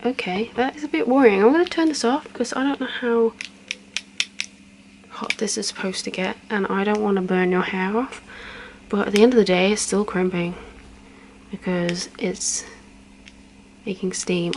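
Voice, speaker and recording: A young woman in a whispered role-play, chatting softly and counting slowly as she does a friend's hair. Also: medium pitch, background noise. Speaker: ASMR creator.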